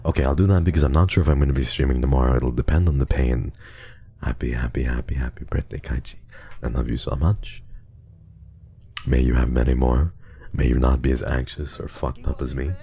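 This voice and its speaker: A young male streamer with an extremely deep voice, full of gravelly fry. He chats casually through donations in a soft, affectionate tone that turns into playful teasing. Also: fairly even intonation, fairly quick. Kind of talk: casual livestream chat reading donations.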